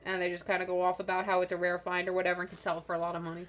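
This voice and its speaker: A woman's voice: fairly low pitch, completely flat delivery, rapid-fire, fairly bright tone. A woman streamer chatting casually over a game, rambling and laughing often. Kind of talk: casual chat.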